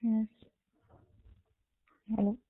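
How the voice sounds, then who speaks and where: A woman student slowly and carefully reading a list of English words aloud in an online class. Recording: tinny online call with faint noise.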